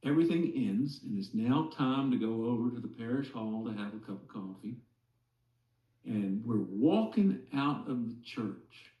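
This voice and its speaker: A man slowly telling a personal story to a group, pausing often to check in with "okay?". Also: medium pitch, expressive, roomy sound, recorded from a distance, muffled recording. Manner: slow, deliberate, many "okay?" asides. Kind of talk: slow storytelling testimony.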